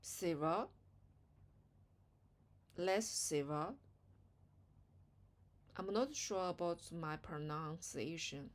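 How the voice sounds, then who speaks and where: A woman's voice: fairly low pitch, drawn-out words, long pauses. A woman whose first language is Chinese, practicing English words hesitantly and repeating them to check pronunciation. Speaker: English learner. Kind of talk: vocabulary practice.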